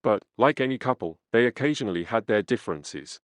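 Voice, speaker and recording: A man reading a first-person memoir aloud as an audiobook narrator, in a measured, earnest way. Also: medium pitch, animated, dry recording, clean studio sound. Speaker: audiobook reader.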